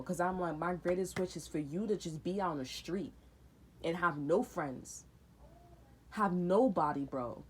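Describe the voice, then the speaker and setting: Young female tarot reader with a low, husky voice. Heated and emphatic, repeats herself, swears freely. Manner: emphatic, repetitive, swears a lot. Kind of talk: casual, heated monologue.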